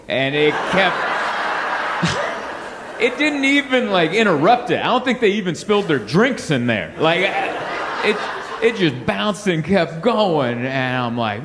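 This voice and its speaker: Rambling stand-up comic in a live club. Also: male voice, on the high side, a little slow. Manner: rambling, animated, acts out voices and sound effects. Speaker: stand-up comedian. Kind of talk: stand-up comedy set. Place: comedy club stage with a laughing audience. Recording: live club sound, reverberant hall, audience noise.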